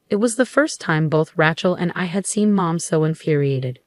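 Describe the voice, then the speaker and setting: A woman reading a first-person story aloud in an even, measured way. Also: sits low, no echo. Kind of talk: scripted first-person narration.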